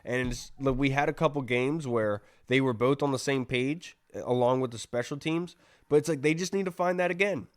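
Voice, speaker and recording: A man's voice: medium pitch, a little fast, no echo. A man hosts a sports podcast in a chatty, rambling way, thinking aloud through his points. His voice sits in a middle register and sounds dry and close to the mic. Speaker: podcast host. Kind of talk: casual sports podcast talk.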